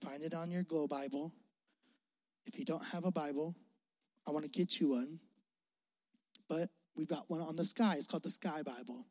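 A youth pastor preaches in a loose, joking way, asking the crowd to call back answers and laughing along. The voice sits at a middling pitch. It rings out with a long reverb through a big hall. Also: steady tone, normal speed, pauses often, darkish tone. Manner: casual, joking, talks straight to the crowd; calls for responses and laughs often. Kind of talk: energetic sermon.

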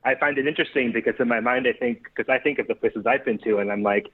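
A man co-hosting a podcast in casual chat, calm and measured, agreeable. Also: medium pitch, no room sound. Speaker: podcast co-host. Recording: tinny phone-like line.

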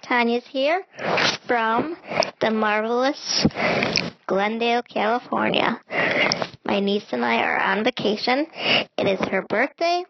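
A woman's voice: a little high, takes it slowly, creaky, pauses often, lo-fi sound. A middle-aged woman hosting a casual travel vlog, chatting in a rambling way with many ums. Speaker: vlog host.

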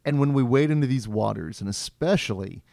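Man, podcast co-host, calm, supportive, steers the chat, dry sound. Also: mid-range voice, a little fast, gravelly, dry recording. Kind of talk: casual chat.

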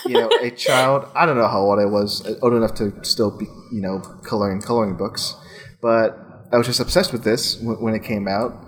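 A man with a slightly low voice hosts a podcast in a relaxed, talkative way. He rambles eagerly with plenty of fillers as he introduces clips. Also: a little fast. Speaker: podcast host. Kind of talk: casual podcast chat and clip introductions.

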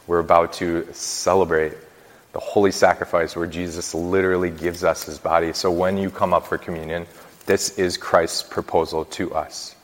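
A man preaching a homily as a priest, talking conversationally with many fillers and restarts. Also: low voice. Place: church. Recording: long church reverb.

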